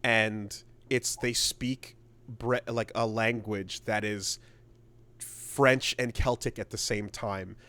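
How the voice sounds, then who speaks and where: A man's voice: fairly low pitch, fairly even intonation, takes it slowly, sharp tone. A man co-hosting a podcast in casual chat, rambling with lots of restarts. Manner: rambling, many fillers and restarts. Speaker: podcast co-host.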